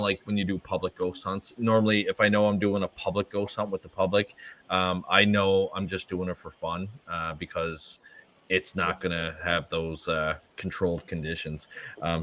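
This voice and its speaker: A man's voice: deep voice, fairly bright tone. A man hosting a podcast interview, asking curious, encouraging questions in a casual chat. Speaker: podcast host.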